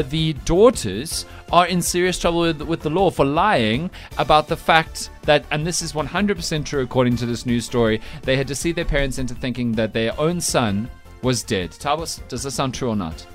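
A man's voice: a little high, moderate pace, hardly any pauses, soft background music. A man hosting a breakfast radio show, running a news quiz and teasing his co-hosts in casual chat. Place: radio studio.

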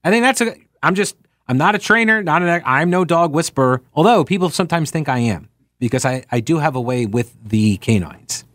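Animated, sarcastic talk radio man. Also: fairly high pitch, fairly quick, dry recording, studio quality. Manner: sarcastic, riffing, jokey asides. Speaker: radio talk show host. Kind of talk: opinion talk radio monologue.

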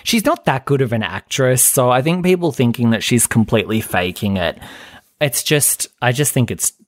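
A man chatting casually as a podcast host, gossipy and animated, slipping into dramatic impressions. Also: medium pitch, moderate pace, no echo, studio quality. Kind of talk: casual chat recap.

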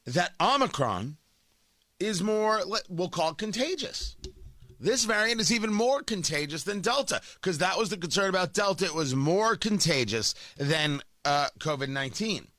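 Brash, bright-voiced talk radio host. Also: male voice, high-pitched, lively intonation, moderate pace, no echo, studio quality. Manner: brash, emphatic, joking asides. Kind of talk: opinionated talk radio monologue.

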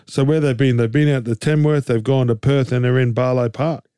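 A man's voice: medium pitch, fairly quick, clear, resonant tone, dry recording, clean studio sound. Joking Australian man talking footy. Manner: animated, jokey, rambling with restarts. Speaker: co-host and game commentator. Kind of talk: casual sports chat.

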